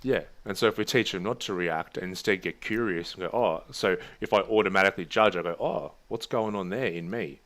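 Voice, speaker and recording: A man's voice: sits low, a little fast, few pauses, fairly bright tone. A man co-hosting a casual podcast, reflective and explaining ideas through examples. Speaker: podcast co-host.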